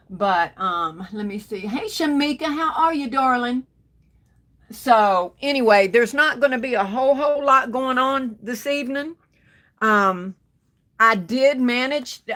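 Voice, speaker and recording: Chatty woman greeting her viewers. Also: on the high side. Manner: warm Southern endearments, calls viewers baby and darling. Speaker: livestream host greeting viewers. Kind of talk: casual livestream chat. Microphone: phone.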